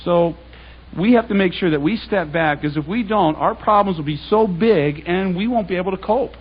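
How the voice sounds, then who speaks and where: A man's voice: high voice, normal speed, breathy edge. A man giving a public Bible talk, telling stories in a conversational way and acting out the dialogue. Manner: conversational storytelling, quoting others in dialogue. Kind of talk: anecdotal sermon. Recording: dull lo-fi recording.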